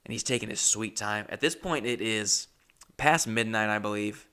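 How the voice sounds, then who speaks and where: A male comedian telling a story with profane, animated anecdote-telling. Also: fairly low pitch, normal speed, clean tone.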